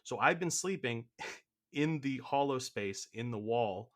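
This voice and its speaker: Young guy co-hosting an improv comedy pod, bright voice, rambles n laughs, cuts himself off, bit winded. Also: mid-range voice, expressive, slow. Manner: rambling, self-interrupting, laughing. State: out of breath. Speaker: co-host.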